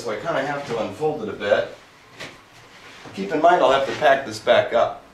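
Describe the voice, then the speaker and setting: A man casually narrating how he sets up DJ gear, talking to himself as he works, a little out of breath from the lifting. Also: medium pitch. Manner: chatty, self-narrating while working, mild humor. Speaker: mobile DJ demonstrating gear. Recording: echoey room, mic far off, faint hiss.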